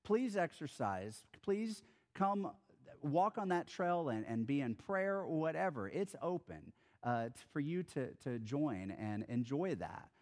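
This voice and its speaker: A male pastor delivering a sermon in a relaxed, conversational manner. His voice sits a touch high for a man and swings up and down with a lot of life as he tells the story. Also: unhurried.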